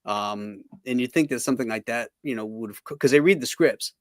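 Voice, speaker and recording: A man co-hosting a livestream, joking facetiously and filling pauses with hesitant fillers. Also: medium pitch, no room sound. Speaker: podcast co-host. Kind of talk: casual livestream chat.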